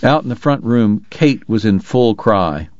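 Male audiobook narrator, measured and even, lowish voice, dry slightly muffled read. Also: no room sound. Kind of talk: scripted narration.

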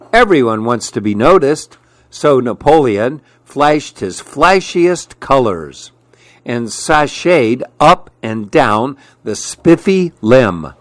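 Slow, expressive man reading a storybook. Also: medium pitch, no room sound. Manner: slow, expressive read-aloud.

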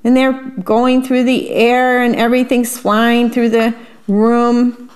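A woman reads a children's picture book aloud at an unhurried pace. Her voice sits a little high, and she breaks off to describe the pictures in a chatty aside. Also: level tone, a little mellow. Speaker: storyteller.

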